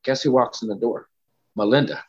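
A man's voice: medium pitch, moderate pace, a little mellow, dull audio. A man telling a candid personal story as an interview guest, rambling with lots of "you know" and "like".

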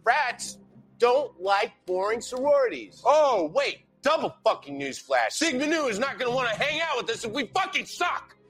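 An actor reading out an angry email as a furious young sorority officer, profane and sneering, often breaking into shouts. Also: male voice, extremely high pitch, big pitch swings, normal speed, faint music behind, heavily acted. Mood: shouting. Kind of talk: dramatic reading of a profane rant.

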